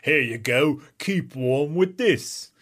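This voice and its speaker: A man's voice: a little high, animated, takes it slowly, fairly bright tone, full character voice. A man voicing a kindly but smug passerby in a clumsy put-on accent. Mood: benevolent.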